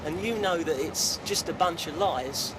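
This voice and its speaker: A football supporter speaking in a reflective, earnest way. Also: male voice, a little high, normal speed. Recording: street noise outdoors.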